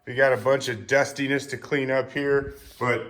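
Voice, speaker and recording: A man's voice: mid-range voice, little pitch movement, moderate pace, fairly bright tone. Young man, car-build vlogger, self-mocking jokes, rambling chatter, garage, phone recording. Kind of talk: casual garage vlog.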